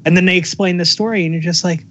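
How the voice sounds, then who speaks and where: A man chatting casually on a podcast, wry and quick to swear while telling stories. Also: sits high, fairly even intonation, fairly bright tone, a little hiss or hum. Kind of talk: casual chat.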